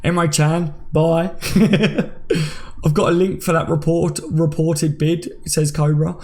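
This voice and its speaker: A man's voice: on the high side, flat delivery, takes it slowly, darkish tone. A man in his thirties hosting a casual live stream, chatting with viewers and reading out their comments by name. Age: 30s. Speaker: livestream host.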